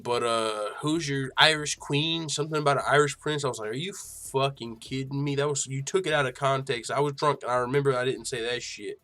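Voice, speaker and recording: A man's voice: medium pitch, a bit bright. A slightly tipsy man hosting a live fight reaction stream, rambling and swearing in casual, boastful talk. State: a little tipsy. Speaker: livestream host reacting to fights.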